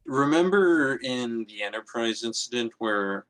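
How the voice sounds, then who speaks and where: A man chatting casually with friends, his thoughts rambling as he circles back and restarts sentences. His voice sits at an ordinary middle pitch. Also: animated, a little slow, a bit bright, rough recording. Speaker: watch-along participant. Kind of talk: casual group chat over an episode.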